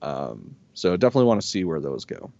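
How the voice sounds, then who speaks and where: A man co-hosting a casual review chat, relaxed and blunt, swearing casually. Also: rumbling low, fast talker, creaky, dry recording, lo-fi sound. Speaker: co-host.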